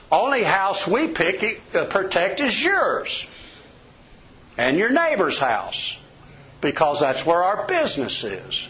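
A man's voice: high-pitched, wildly swooping pitch, a little slow, fairly bright tone. A middle-aged man preaching a sermon, a folksy storyteller who tells personal anecdotes. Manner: folksy storyteller, acts out quoted voices. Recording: slightly dull lo-fi sound.

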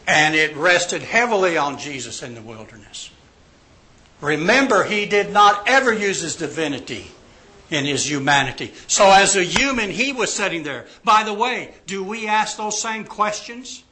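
A man teaching a Bible class, acting out quoted lines loudly and dropping to a soft voice to pray. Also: sits high, animated, normal speed, low-quality recording. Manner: dramatic, acts out quotes loudly then drops soft for prayer.

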